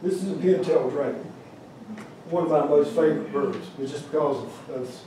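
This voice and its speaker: A wildlife carver gives a humorous, rambling talk at a museum, telling stories about his carving with many restarts. His voice is fairly high and mellow at normal speed, and the echoey room, distant mic and slight background noise shape the sound.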